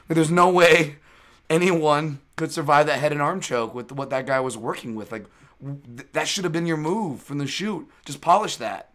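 A man's voice: fairly high pitch, normal speed, a bit bright. Male podcast host, casual chat, rambling storyteller with lots of fillers and restarts.

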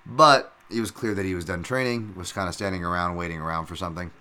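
A man's voice: deep voice, steady tone, fast talker, pushed and bright, clean tone. A middle-aged man hosting a casual solo podcast, rambling and swearing freely with lots of fillers and restarts. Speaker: podcast host.

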